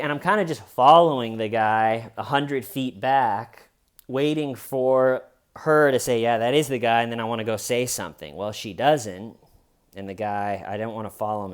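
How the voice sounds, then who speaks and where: A young adult man vlogging, telling a personal story casually and acting out quoted lines in a raised voice. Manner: animated retelling, acting out quoted lines with higher pitch.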